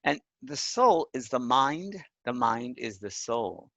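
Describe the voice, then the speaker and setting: A man's voice: mid-range voice, big pitch swings, slow, fairly bright tone, dry recording, low-quality recording. A man teaching a course on mediumship, talking earnestly and emphatically and checking in with his listeners. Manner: earnest, emphatic, often asks the listener "right?". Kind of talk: spoken lesson.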